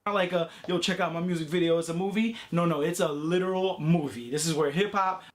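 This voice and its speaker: A man's voice: a little high, a little fast. Hype-man intro from a male promoter. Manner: loud hype-man delivery, repeated chants. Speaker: hip hop promoter. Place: bedroom.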